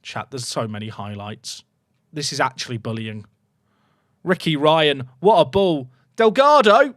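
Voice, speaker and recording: A young man commentating his football management game live to his chat. His voice sits high and leaps wildly between loud cheering and low muttered asides, and the recording is close and dry. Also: lively intonation, unhurried, no room sound.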